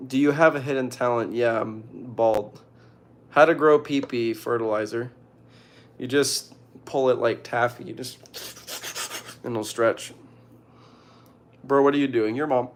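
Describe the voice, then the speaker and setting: A man's voice: medium pitch, unhurried, long pauses, a little hiss or hum. Joking young man answering questions. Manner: reads questions aloud, jokey deadpan answers. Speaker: streamer answering viewer questions. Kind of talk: casual joking advice chat.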